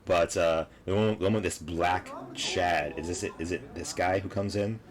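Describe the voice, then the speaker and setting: A man's voice: low-pitched, steady tone, normal speed. A man giving casual reaction commentary on a video clip, laughing and mocking, rambling with lots of fillers.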